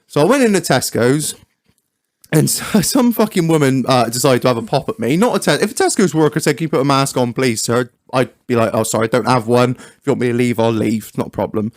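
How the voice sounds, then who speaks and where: A man's voice: medium pitch, fast, no room sound, clean studio sound. Sweary man telling stories. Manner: sweary, animated storyteller. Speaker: podcast co-host. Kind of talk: casual banter.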